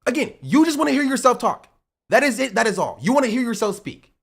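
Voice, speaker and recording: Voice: medium pitch, sing-song, fast, vocal fry, slightly rough. A streamer ranting at their live chat, lecturing in short repeated punchy phrases and swearing freely. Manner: lecturing, repetitive, profane, punchy. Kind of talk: heated livestream rant at chat.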